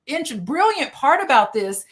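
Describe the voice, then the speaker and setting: A woman speaks as an invited expert on a panel, her voice slightly high. She lays out her points step by step like a lecturer, pausing on fillers as she gathers her thoughts. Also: very animated. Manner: measured, lecturing explanation with fillers. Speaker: panel guest, doctor. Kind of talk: explanatory panel talk.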